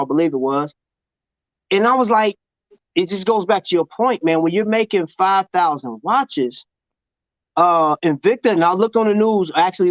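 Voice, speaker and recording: A man's voice: sits high, no echo. A man hosting a casual livestream chat, talking loosely and animatedly with lots of slang and laughter. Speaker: show host. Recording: dull, lo-fi sound.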